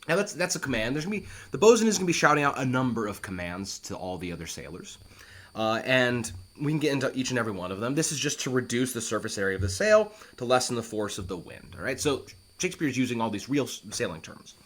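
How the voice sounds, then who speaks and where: A man teaching a play line by line, animated and reassuring, who breaks into acted quotes as he explains. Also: mid-range voice, quick pace. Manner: talks straight to the student, reassuring.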